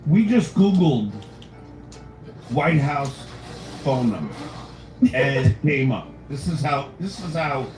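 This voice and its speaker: A man telling a story in a casual podcast chat, lively and swearing often. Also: medium pitch, slow, long pauses, echoey room, soft background music, rough recording.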